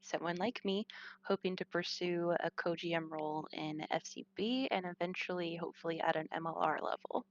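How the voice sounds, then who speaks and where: Brief: female guest, lowish gravelly voice, earnest. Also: moderate pace, highs cut off. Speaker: podcast guest. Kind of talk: casual chat.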